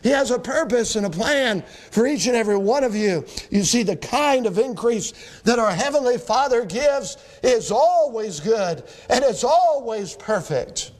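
Man, pastor, sermon, high voice, scripture reading, emphatic rising delivery. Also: lively intonation, normal speed, few pauses, darkish tone. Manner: preaching with scripture quotes, rising emphatic peaks.

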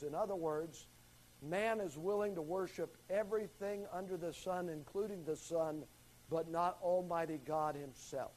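A middle-aged man teaches from the pulpit in a voice pitched a little high. He reads scripture slowly, stressing certain words and swelling in volume on them. Between readings he talks plainly to his listeners. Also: darkish tone, a little hiss or hum, low-quality recording. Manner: emphatic, varies volume and slows for stress on scripture. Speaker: pastor teaching a class. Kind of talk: sermon teaching.

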